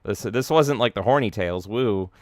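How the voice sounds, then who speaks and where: A man hosting a casual chat, telling a story with lots of swearing and bursts of loud acted-out voices. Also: on the low side, normal speed, no echo, clean studio sound. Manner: animated, swears a lot, acts out voices. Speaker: host.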